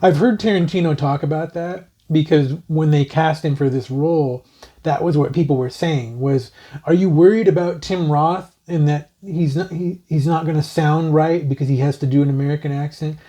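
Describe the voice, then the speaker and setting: A co-host on a casual movie review show, calmly sharing behind-the-scenes trivia. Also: medium pitch, normal speed. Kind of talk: casual film review chat.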